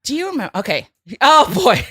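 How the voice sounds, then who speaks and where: A woman in her forties hosting a podcast in casual chat, bubbly and animated, laughing often. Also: high-pitched, brisk, husky, no room sound, clean studio sound. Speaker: podcast host. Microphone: studio microphone.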